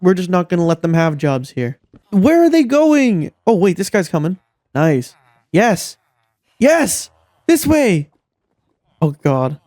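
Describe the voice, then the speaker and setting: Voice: medium pitch, big pitch swings, takes it slowly, long pauses, a little mellow, dry recording. A gameplay commentator talking casually, exasperated and swearing often, scolding game characters, with the voice leaping up when frustrated.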